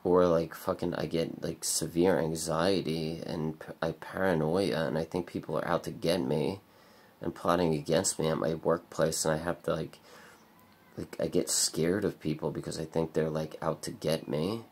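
A man with a deep, gravelly voice rambles through a bleak confessional vlog. His tone is husky and rough at the edges, and he swears constantly and leans on filler words. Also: steady tone, moderate pace, darkish tone. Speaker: vlogger.

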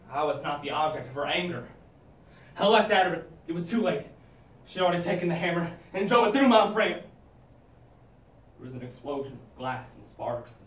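Young man in a dark dramatic monologue. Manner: swings between hushed, low menace and loud shouting. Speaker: competitor performing a monologue. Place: room at a speech competition. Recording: echoey room, mic at a distance.

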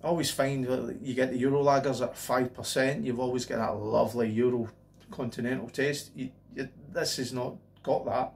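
A man's voice: medium pitch, steady tone, moderate pace, creaky, a little hiss or hum. A man casually reviewing a cheap lager, rambling on with jokey asides and running gags. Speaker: beer reviewer. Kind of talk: casual beer review vlog.

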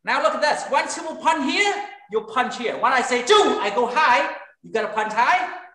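A man's voice: very high-pitched, lively intonation, normal speed, bright, forceful tone. A man teaching an online kids' kung fu class, giving short drill commands and counting reps aloud in a training studio. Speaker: martial arts instructor. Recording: very echoey room, voice far from mic.

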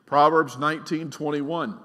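A middle-aged man preaches from the pulpit, his voice sitting a little high. He is emphatic, moving between loud bursts and quiet asides and firing questions at the congregation. A long reverb from a big church hall trails every line. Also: fairly even intonation, measured pace. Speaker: pastor. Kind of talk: sermon.

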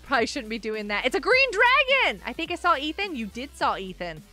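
A bubbly young woman chatting through a live game stream, her voice high and bright, swinging up and down as she reacts. Soft game music plays behind her. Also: big pitch swings, a little fast. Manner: bubbly, exclaims and laughs often, talks to chat.

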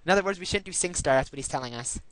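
High bright-voiced gamer guy. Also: very fast, rough recording. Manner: bossy, joking, bursts into loud excited shouts. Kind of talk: casual gameplay chat.

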